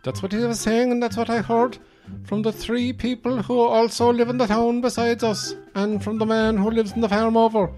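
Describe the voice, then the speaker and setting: Comic parody: a man playing naive stage-Irish villagers in a shrill, over-the-top Irish accent. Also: little pitch movement, normal speed, darkish tone, faint music behind. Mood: mock earnest. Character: exaggerated stage-Irish rural villagers, male, naive and excitable.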